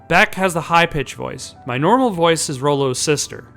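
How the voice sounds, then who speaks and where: A woman's voice: low voice, expressive, moderate pace, fairly bright tone, soft background music. A young adult woman chatting casually and rambling while she plays and reads a story game. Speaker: let's player. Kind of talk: casual gameplay commentary.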